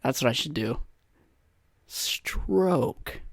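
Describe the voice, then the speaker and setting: Rambling young podcast host, dry close mic. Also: male voice, mid-range voice, normal speed, dry recording. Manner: rambling, crude, self-deprecating humor. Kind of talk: solo casual podcast monologue. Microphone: podcast microphone.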